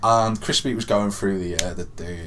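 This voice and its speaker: A young man co-hosting a podcast, telling an excited story that swings from hushed to loud. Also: lowish voice, normal speed, slight background noise. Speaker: podcast co-host. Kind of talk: excited casual chat.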